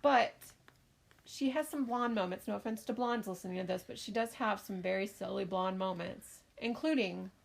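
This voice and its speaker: A middle-aged woman, a podcast co-host and mother, telling a family story in casual chat, animated and often laughing. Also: mid-range voice, normal speed, vocal fry.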